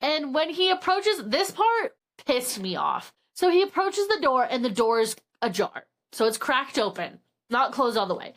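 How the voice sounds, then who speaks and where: A woman's voice: high voice, sing-song, normal speed, hardly any pauses, a bit bright. A young woman co-hosting a podcast, casually retelling a book's plot, acting out the characters' lines and swearing freely. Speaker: podcast co-host. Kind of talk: casual book recap chat.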